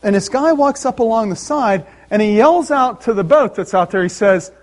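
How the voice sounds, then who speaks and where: A man preaching a sermon, animated and laughing often, acting out the voices in the story. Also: high-pitched, normal speed. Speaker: pastor.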